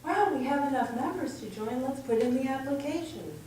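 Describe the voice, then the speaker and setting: A middle-aged woman gives a sermon-style personal talk on spiritual matters, telling stories and acting out dialogue. Her high voice has lively intonation, a moderate pace and a darkish tone. It was recorded from far off in an echoey room with faint noise.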